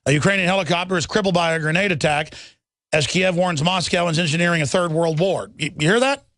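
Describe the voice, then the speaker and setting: A man's voice: a little high, fairly even intonation, fast, fairly bright tone, dry recording. A middle-aged man hosting a talk radio show, reading headlines and ranting in a heated, rambling way, often repeating himself. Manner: heated, rambling, repeats words when agitated.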